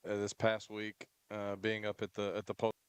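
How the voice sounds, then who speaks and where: A man who coaches a school team, speaking on a local radio show in a halting way with many fillers. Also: lowish voice, completely flat delivery, clear, resonant tone, no echo. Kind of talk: casual radio talk.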